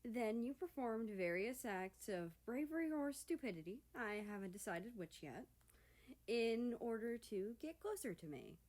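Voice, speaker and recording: A man's voice: extremely high pitch, animated, a little slow, a little mellow, pitched above the performer's own voice. A woman voicing a brash, teasing young man, a personified country, who is cocky but flusters easily.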